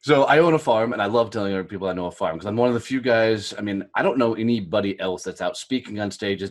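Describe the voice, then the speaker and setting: A man in his early forties talks as a podcast guest, folksy and energetic. His light Southern American twang sits in a lowish voice, and he calls the host dude and brother. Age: 40s. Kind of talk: casual podcast interview.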